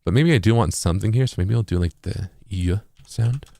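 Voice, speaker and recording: Deep-voiced East Coast man explaining. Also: fairly quick, vocal fry, dry recording, studio quality. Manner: relaxed, filler-heavy, sounds words out as examples. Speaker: music producer and streamer. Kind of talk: casual tutorial explanation.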